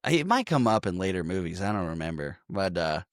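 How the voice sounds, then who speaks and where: A man co-hosting a podcast, casually recapping a movie in animated fashion, swearing and acting out the characters' lines. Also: low-pitched, a little fast, dry recording, clean studio sound. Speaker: podcast co-host.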